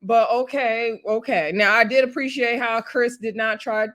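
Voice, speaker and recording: A woman's voice: a little high, steady tone, normal speed, a bit bright. A woman hosting a casual, chatty recap of a reality TV episode, talking in a laid-back way with laughing asides and lots of fillers.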